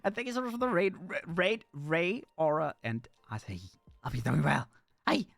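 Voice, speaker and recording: Lively, bright-voiced male streamer. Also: normal speed, vocal fry, dry recording, soft background music. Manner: playful and animated, swinging between excited squeals and low mutters. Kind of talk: casual live-stream chat.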